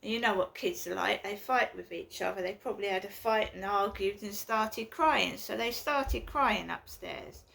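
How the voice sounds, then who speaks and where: A woman vlogging from her flat, complaining at length in an agitated, repetitive way. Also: mid-range voice, moderate pace, vocal fry, hardly any pauses. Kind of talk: casual ranting monologue.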